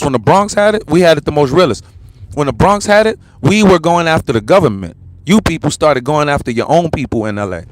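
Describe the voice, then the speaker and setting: A man's voice: on the high side, no room sound. A man with a New York accent hosting a livestream and ranting bluntly and combatively in street talk. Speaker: livestream host. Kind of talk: heated livestream rant.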